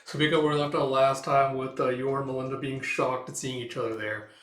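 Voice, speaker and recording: A man's voice: mid-range voice, level tone, fairly quick, a bit bright. A man hosting a casual comic read-through, talking in a laid-back way with many filler "uh"s. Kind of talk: casual read-aloud commentary. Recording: echoey room.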